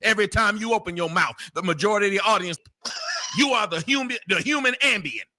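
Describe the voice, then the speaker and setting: A man arguing in a heated debate, loud and sarcastic, often shouting over others. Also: high voice, animated, fast. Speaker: debate panelist. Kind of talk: heated argument.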